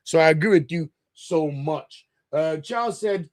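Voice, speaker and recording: A man's voice: fairly high pitch, unhurried. A man hosting a live football watch-along, ranting bluntly and passionately while speaking directly to his chat, with a delivery his family compares to a preacher's. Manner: sermon-like delivery. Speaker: football podcast host.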